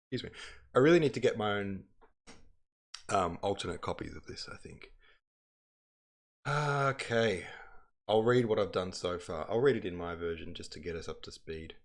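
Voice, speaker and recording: A man hosting a livestream, chatting in a rambling way and reading passages aloud. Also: low voice. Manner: rambling, chatty, self-interrupting. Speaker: livestream host.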